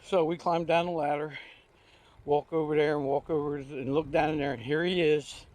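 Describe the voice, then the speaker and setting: An older man on an outdoor recumbent trike ride vlogs and tells wandering, folksy tales in homespun style. His voice is fairly high and a little mellow, steady in tone, at a moderate pace.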